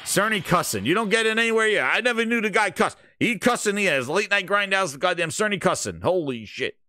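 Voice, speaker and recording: Excitable high-pitched gaming streamer, man. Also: brisk, no room sound, clean studio sound. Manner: loud, excitable, profane, laughs at his own jokes. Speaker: host of a gaming reaction stream. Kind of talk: casual live reaction commentary.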